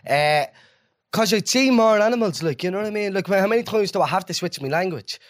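A young man with a Dublin accent, co-hosting a podcast in slangy, animated chat. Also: sits high, quick pace. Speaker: podcast co-host.

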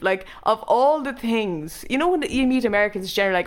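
A woman's voice: a little high, expressive, fast talker, hardly any pauses. An Irish woman co-hosting a podcast, telling stories in casual chat and laughing often. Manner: chatty storyteller, laughs often. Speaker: podcast co-host.

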